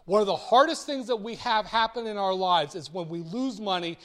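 A man's voice: sits high, moderate pace. A man lecturing on finance in a blunt, theatrical way, acting out little dialogues. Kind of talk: recorded lecture.

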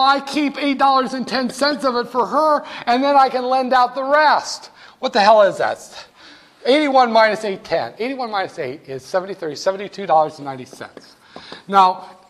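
High-voiced, jokey male instructor. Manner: jokey, animated, talks straight to students. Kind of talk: classroom lecture.

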